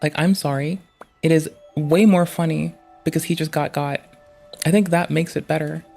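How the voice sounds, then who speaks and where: A man's voice: fairly high pitch, fairly even intonation, normal speed, gravelly, darkish tone, faint music behind. A man streaming live, reacting to a clip with profane, ranting commentary.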